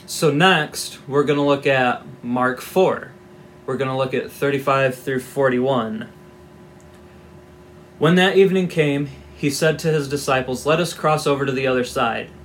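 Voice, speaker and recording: A man's voice: mid-range voice, fairly even intonation, moderate pace, a bit bright, slight background noise. A man giving an informal Bible teaching, reading scripture aloud and explaining it in a conversational, wry way with asides.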